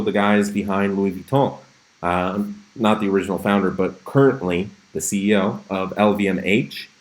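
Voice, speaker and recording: A man's voice: sits low, poor audio. A man hosting a casual livestream, chatting, reacting to memes and answering viewers' questions with frequent laughs. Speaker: crypto livestream host. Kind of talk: casual livestream commentary reading chat.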